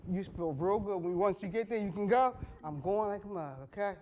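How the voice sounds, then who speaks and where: Middle-aged woman talk show host, blunt comic storyteller, earthy, loud when excited. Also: mid-range voice, brisk. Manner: frank, earthy, builds to loud excited bursts.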